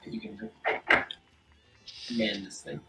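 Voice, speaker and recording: Relaxed man running a tabletop game. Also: fairly low pitch, slow pace, creaky, loud music behind the voice, poor audio. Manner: casual, relaxed, says "cool" and "um" a lot. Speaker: game master.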